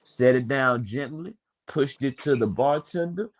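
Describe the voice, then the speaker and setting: A man's voice: mid-range voice, measured pace, low-quality recording. Wordy young man telling a story. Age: 20s. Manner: wordy, digressive, swears freely. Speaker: panel speaker. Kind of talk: casual storytelling.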